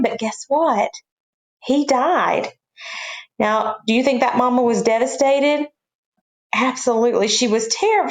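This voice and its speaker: A high-pitched woman tells a Bible story to a children's class, animated and full of questions for her young listeners. Her voice rings in an echoey room. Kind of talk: storytelling Bible lesson for kids.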